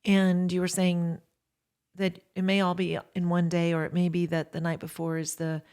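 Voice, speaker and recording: A woman's voice: fairly low pitch, completely flat delivery, moderate pace, a little mellow, smooth. A woman co-hosting a podcast who talks hesitantly, hunting for words as she goes. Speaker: podcast co-host. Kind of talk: reflective podcast conversation.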